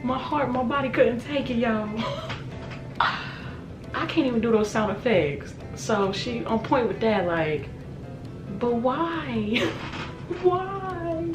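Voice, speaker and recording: A woman vlogger giving excited casual reaction commentary on a music video and exclaiming to her viewers. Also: a little high, takes it slowly. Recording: echoey room with music playing.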